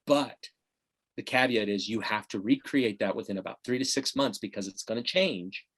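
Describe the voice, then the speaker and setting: A man's voice: lowish voice, normal speed, fairly bright tone. A man hosting a podcast in casual chat, blunt and joking, with vivid analogies. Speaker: podcast host.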